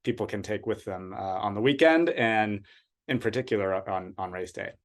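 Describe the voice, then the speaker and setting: A man, a running coach hosting an interview, asking long questions haltingly with frequent restarts. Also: on the low side.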